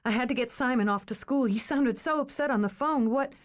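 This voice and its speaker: A woman voicing a brisk, caring young woman. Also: a little high, voice pushed up, lightly acted. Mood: concerned.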